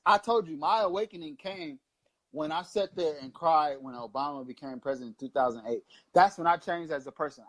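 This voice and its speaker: A man in his thirties from Long Beach, California, co-hosting a casual political chat show with impassioned, profane, rambling preaching. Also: a little high. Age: 30s. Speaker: co-host.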